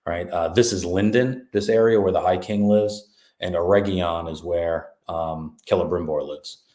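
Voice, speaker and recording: A man's voice: low voice, darkish tone. A man, hosting a podcast and recapping an episode in a rambling, laid-back way. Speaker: podcast host. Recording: echoey room.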